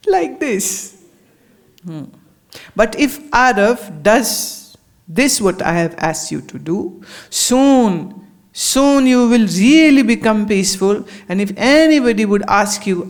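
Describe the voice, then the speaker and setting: A woman's voice: medium pitch, lively intonation, unhurried. A middle-aged woman, a spiritual teacher telling stories and speaking directly to her audience. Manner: storytelling, addressing the listeners directly.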